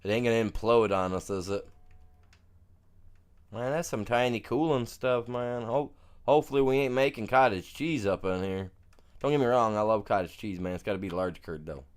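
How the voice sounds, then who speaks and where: A man with a lowish voice and moderate pace streams a farming game, chatting casually with viewers. His gameplay commentary is rambling and jokey, and he says "man" constantly.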